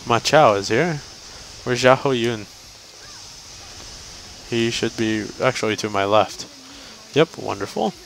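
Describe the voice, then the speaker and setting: A man's voice: medium pitch, takes it slowly, gravelly, pauses often, a bit bright, a little hiss or hum, poor audio. A young man giving casual gameplay commentary for a guide video, rambling and joking to himself as he plays.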